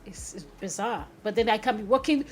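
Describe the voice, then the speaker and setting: A woman speaking candidly as a podcast guest, expressive and quick to laugh, her voice swinging from soft to loud. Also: mid-range voice. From Nigeria. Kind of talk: candid conversational interview.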